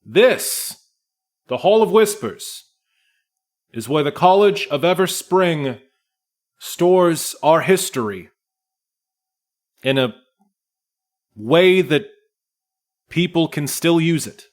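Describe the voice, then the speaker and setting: A man's voice: fairly high pitch, animated, slow pace, long pauses, pitched above the performer's own voice. Easygoing male tour guide of a magic school, voiced by a man, raised and upbeat. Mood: proud.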